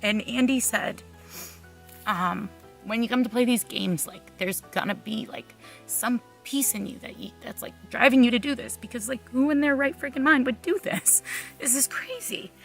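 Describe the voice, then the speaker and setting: A woman's voice: fairly high pitch, normal speed, gravelly, faint music behind. A woman speaking as a reality game contestant in a candid confessional, frank and blunt, swearing freely.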